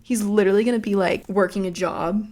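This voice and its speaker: A woman's voice: medium pitch, steady tone, fast, a little mellow. A young woman in her early twenties hosting a casual storytelling podcast, talking in a chatty, profane way. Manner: chatty and profane, retelling a night out. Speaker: podcast host.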